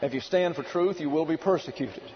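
A male pastor with a slightly high voice delivers a sermon in a deliberate, emphatic teaching manner. The recording is dull and lo-fi, with a faint hiss underneath. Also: in a large hall. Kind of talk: sermon with read-out excerpts.

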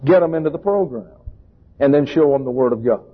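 A man's voice: medium pitch, lively intonation, brisk, slightly rough. A man preaching a sermon emphatically and with scorn, asking rhetorical questions. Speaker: pastor. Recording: tinny phone-like recording.

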